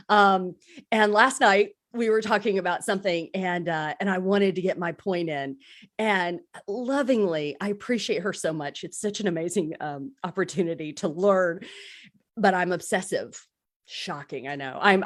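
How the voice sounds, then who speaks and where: A woman's voice: mid-range voice, normal speed. A woman speaking in a candid, self-deprecating way, giving a casual recovery talk on a live stream as a crisis support speaker.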